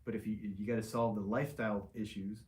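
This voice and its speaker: Plain-spoken male surgeon, low voice, casual question-and-answer tone. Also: little pitch movement, fast talker, darkish tone. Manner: frank, plain-spoken, loose with restarts. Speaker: liposuction surgeon. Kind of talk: casual patient Q&A.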